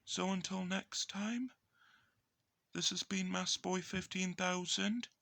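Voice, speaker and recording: Male vlog narrator; slow, gravelly, deadpan storyteller. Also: high-pitched, dry recording. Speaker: video creator.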